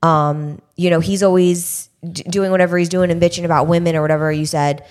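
A woman's voice: lowish voice, steady tone, fairly quick, a little mellow. A young woman co-hosting a podcast in casual chat, talkative, laughing often and swearing casually. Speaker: podcast co-host.

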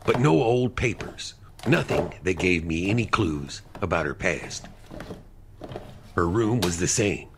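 A man narrating a mystery story in the first person, in a dry, measured storytelling manner. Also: deep voice, expressive, noisy background. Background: music.

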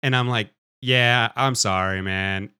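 A man's voice: medium pitch, fairly even intonation, slow pace, bright, forceful tone, smooth, no echo, studio quality. A man co-hosting a podcast, telling a rambling anecdote in casual chat. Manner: rambling anecdote with quoted voices. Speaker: podcast co-host. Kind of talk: casual storytelling.

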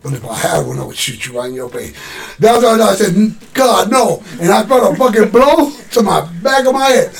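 A man with a high voice and vocal fry casually recounts a street story from his youth at normal speed, swearing freely. He animatedly acts out what other people said, and there is slight background noise.

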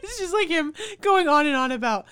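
Higher-voiced woman joking on a podcast. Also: lively intonation, brisk, fairly bright tone, no echo, studio quality. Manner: joking, laughs often. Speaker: podcast co-host. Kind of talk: casual chat.

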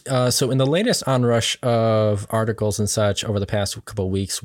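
A man co-hosting a casual tech news podcast, upbeat and quick to laugh as he walks through deals and news. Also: on the low side, no room sound, clean studio sound.

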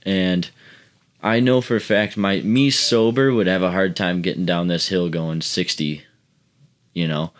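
A low-pitched man spins a rowdy, profanity-laced story among friends. His talk rambles and restarts as he relives the chaos, in a loose podcast chat. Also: steady tone, a little slow. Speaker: podcast co-host.

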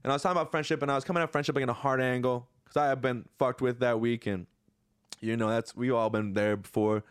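A man's voice: medium pitch, fairly even intonation, fast talker, clear, resonant tone, no echo. Profane, emotional man on a dry podcast mic. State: tearing up. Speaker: podcast co-host. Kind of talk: casual podcast banter.

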